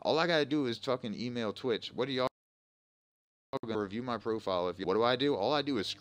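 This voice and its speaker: A man's voice: medium pitch, fast, a bit bright, slight background noise. A young man streaming a game live, ranting profanely and confrontationally at people in his chat and voice chat. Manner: profane, confrontational, trash-talking.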